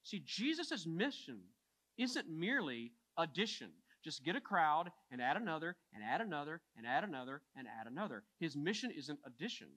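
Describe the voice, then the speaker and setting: A man preaching a sermon as pastor, moving from hushed lines to emphatic ones and repeating phrases for emphasis. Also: on the high side, very animated, moderate pace.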